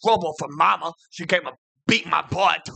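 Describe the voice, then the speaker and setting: High bright guy telling a goofy story on a podcast, gets loud all of a sudden, dry mic. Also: normal speed, gravelly, slightly rough. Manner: animated, jumps into loud outbursts. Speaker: co-host.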